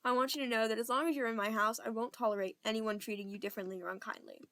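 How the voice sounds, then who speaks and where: A woman's voice: a little high, fairly even intonation, very fast, fairly bright tone, no echo. A strict older schoolmistress speaks in a reedy, clipped Scottish accent, prim and controlled, as a young woman reading an amateur audiobook puts her on. She stays firm but kind underneath. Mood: prim, stern.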